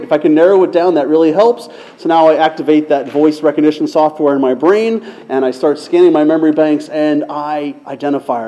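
Mellow-voiced pastor telling a story. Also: male voice, a little high, a little fast, hardly any pauses. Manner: conversational, self-deprecating anecdote with frequent fillers. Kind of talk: sermon-style storytelling.

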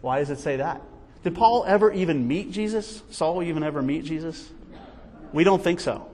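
Animated man teaching a Bible study. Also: on the high side, moderate pace, long reverb tail. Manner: conversational, animated, full of rhetorical questions.

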